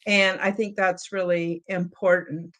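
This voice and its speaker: A woman hosting an interview podcast, speaking haltingly with many fillers. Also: fairly low pitch, little pitch movement, fairly bright tone. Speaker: podcast host.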